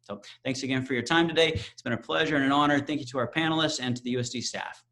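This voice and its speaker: A man moderating a webinar over a video call, wrapping up with informal, halting remarks full of fillers and restarts. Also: mid-range voice, pushed and bright, poor audio. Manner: informal, hesitant with fillers and repeated words. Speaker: event moderator.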